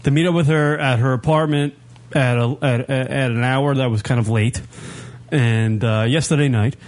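A man's voice: medium pitch, fairly even intonation, moderate pace. A man in his thirties hosting an internet radio show, telling a long rambling story in casual studio banter. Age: 30s. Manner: rambling storyteller, frequent restarts.

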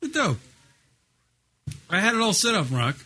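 A man's voice: high voice, big pitch swings, unhurried, pushed and bright, breathy edge. A man hosting a casual radio show, laughing and talking over his caller.

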